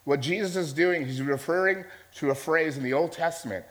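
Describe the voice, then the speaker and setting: Male pastor, slightly higher voice. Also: fairly quick, a bit bright. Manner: conversational storytelling, checking in with listeners. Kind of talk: sermon.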